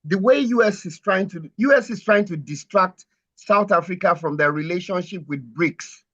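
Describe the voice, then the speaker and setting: A man's voice: high-pitched, moderate pace, fairly bright tone. Hesitant man discussing trade politics. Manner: hesitant, many fillers and restarts. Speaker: panel guest. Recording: muffled lo-fi sound.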